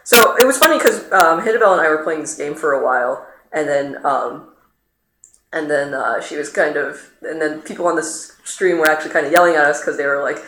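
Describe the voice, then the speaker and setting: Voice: fairly quick, bright, forceful tone. Rambling streamer in an echoey room. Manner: rambling, many fillers, sudden pitch jumps. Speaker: streamer playing the game. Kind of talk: casual chat over gameplay. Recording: roomy echo, faint noise.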